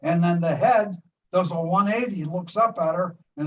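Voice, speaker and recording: Muffled and somewhat distant, with soft hiss in the background, an older US filmmaker talks in an interview about making a film. His fairly high voice animates the scenes vividly, though he frequently restarts and repeats himself.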